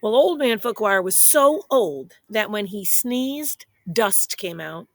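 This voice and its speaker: A woman reading a children's picture book aloud in a playful, expressive way, speaking straight to young listeners. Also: mid-range voice, slow, no echo. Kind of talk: children's story read-aloud.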